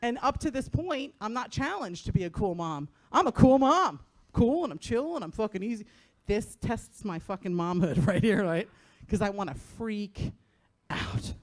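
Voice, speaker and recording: A woman's voice: animated, moderate pace. A middle-aged woman from New Jersey doing a profane stand-up set on a club stage, often laughing at her own lines. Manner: brash, profane, laughing often, acting out her son in a high voice. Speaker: stand-up comedian. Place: comedy club stage before a live audience.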